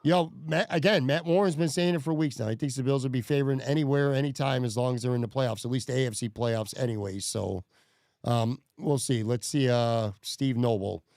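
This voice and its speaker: A man hosting a sports podcast in casual chat, relaxed and hedging with fillers. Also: mid-range voice, a little fast, dry recording, studio quality. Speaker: podcast host.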